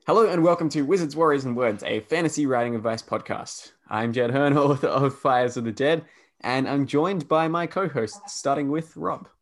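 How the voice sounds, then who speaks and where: A man's voice: medium pitch, moderate pace. Upbeat man hosting a podcast. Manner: upbeat, rambling, laughs at himself. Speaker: podcast host. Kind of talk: casual podcast chat.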